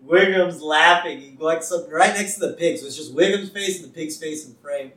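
A man with a somewhat high voice chats casually on a podcast, laughing easily as he narrates scenes. He sits off the mic, and the room adds a noticeable echo. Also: moderate pace, bright, forceful tone, far from the mic. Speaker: podcast co-host. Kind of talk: casual chat recapping a cartoon episode. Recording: roomy sound, a bit off mic.

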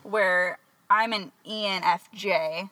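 Californian woman host, casual rambling chat, relaxed explainer. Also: mid-range voice, takes it slowly. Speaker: podcast host.

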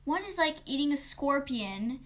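A young woman chatting as a guest with her sister, giggly and quick to jump in. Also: high-pitched, expressive, a bit bright. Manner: giggly, interjecting, exaggerated retellings. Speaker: podcast guest. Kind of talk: casual chat.

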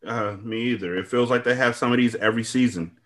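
A man hosting a podcast, recapping an episode in a casual, profane, storytelling way with quick asides. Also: medium pitch, fairly bright tone. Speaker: podcast host.

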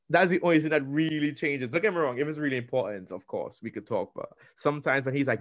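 A young man co-hosting a podcast, chatting in a lively way, acting out what people said and restarting his sentences. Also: medium pitch, quick pace, hardly any pauses, no echo, studio quality. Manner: animated storytelling, acting out quotes with restarts. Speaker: podcast co-host. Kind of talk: casual interview chat.

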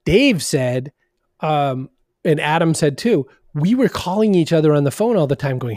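Middle-aged male guest, slightly high, mellow voice; animated, acts out quotes. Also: normal speed, no room sound, studio quality. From Maine. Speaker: podcast guest, marketing consultant. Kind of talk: conversational interview.

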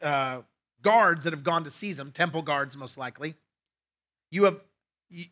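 A man's voice: high-pitched, bright, forceful tone. A male pastor preaching a sermon in a conversational way, with asides to his congregation.

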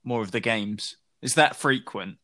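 A man's voice: mid-range voice, normal speed, a bit bright. A man co-hosting a podcast, hesitant and self-deprecating in casual chat. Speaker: podcast co-host.

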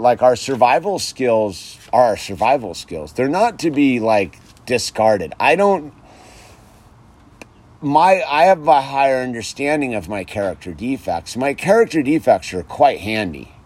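A man's voice: mid-range voice, darkish tone. A man talking outdoors in his yard in a casual, rambling monologue about sobriety and faith, saying "dude" constantly. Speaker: vlogger speaking on sobriety and faith.

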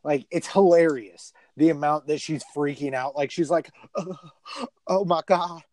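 A man's voice: a little high, steady tone, moderate pace, warm tone, no echo. Rambling, cussing man, dry close sound. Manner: rambling and profane, heavy filler words. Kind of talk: casual movie review chat.

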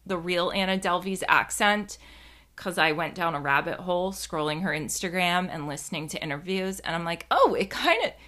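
A woman's voice: on the low side, steady tone, normal speed, bright, forceful tone. A young woman from New Jersey telling a rambling, casual story in a chatty, profane way, full of fillers.

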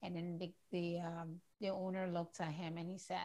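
A woman hosting a casual online chat show, effusive and gushing with excitement about her guest. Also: on the low side, moderate pace, hardly any pauses. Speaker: show host.

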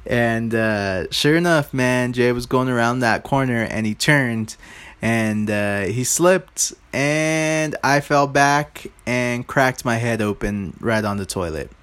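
Male solo podcaster, mid-pitched, loose rambling storyteller, chatty and informal. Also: takes it slowly, a bit bright, smooth. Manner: rambling, loose and informal, with many fillers and asides to listeners. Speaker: podcast host.

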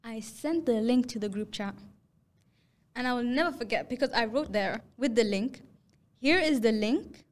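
A young woman hosting a podcast, telling a story in casual chat and acting out the quotes with lively jumps in her voice. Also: moderate pace. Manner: animated, acts out quotes with rising pitch. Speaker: podcast host.

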